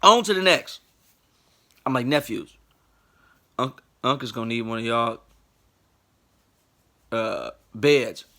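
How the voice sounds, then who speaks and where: Bright-voiced man telling a funny story. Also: mid-range voice, takes it slowly, long pauses. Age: late 20s. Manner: animated, laughs through the story, acts out quoted people. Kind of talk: casual comedic storytelling.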